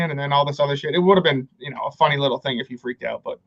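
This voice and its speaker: A man's voice: mid-range voice, racing, fairly bright tone. Male podcast host, loose and profane, stumbling restarts, slightly dull audio. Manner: rambling, profane, many restarts. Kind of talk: casual chat.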